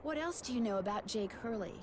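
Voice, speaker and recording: A woman's voice: on the high side, animated, brisk, noisy background, natural voice. Nancy Drew, a woman voicing a young sleuth. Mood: inquisitive. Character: young woman amateur detective. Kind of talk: video game character acting.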